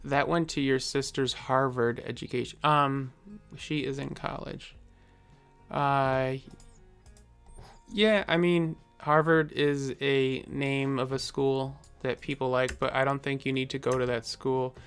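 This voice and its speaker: A man's voice: medium pitch, flat delivery, a little slow, creaky, a bit bright, clear, resonant tone, soft background music. Rambling, jokey man chatting on a live stream. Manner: rambling and jokey, with frequent fillers and chuckles. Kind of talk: casual live-stream chat, answering viewer comments.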